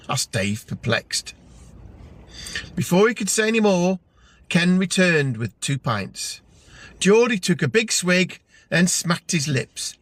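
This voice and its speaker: A man's voice: high voice, very animated, takes it slowly, fairly bright tone. A man narrating a comic story aloud in a dry storytelling manner.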